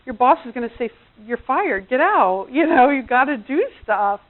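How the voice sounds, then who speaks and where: Woman, middle-aged, relationship coach, seminar talk, chatty, slightly high voice, tinny phone-like sound. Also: expressive, moderate pace. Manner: chatty, acts out quoted voices. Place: seminar room.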